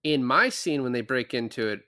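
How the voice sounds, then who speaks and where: A man's voice: medium pitch, expressive, brisk, bright, forceful tone, no room sound, clean studio sound. A man co-hosting a podcast, rambling casually about a movie and laughing often. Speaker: podcast co-host.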